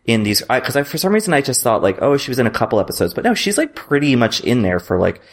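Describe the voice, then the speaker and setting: A man's voice: mid-range voice, very animated, quick pace. A man co-hosting a podcast in casual chat, hesitant with many fillers. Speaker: podcast co-host.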